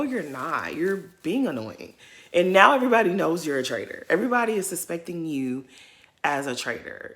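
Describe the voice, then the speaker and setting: A sassy voice giving off-the-cuff reality TV reaction commentary. The pitch swings widely, and the tone is bright and forceful as the speaker talks straight at the people on screen.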